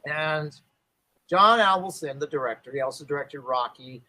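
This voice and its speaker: A man in his fifties tells a story as a guest on a talk show. His voice is bright and forceful, pitched somewhat high for a man. He rambles easily through fillers and acts out the people he quotes. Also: moderate pace, rough recording. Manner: loose and chatty, full of fillers. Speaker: guest martial arts instructor and actor. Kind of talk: casual interview storytelling.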